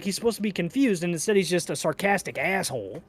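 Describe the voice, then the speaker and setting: A man co-hosting a casual gaming podcast, talking in an animated, profane, ranting way. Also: sits high, quick pace, hardly any pauses, breathy edge. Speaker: podcast co-host.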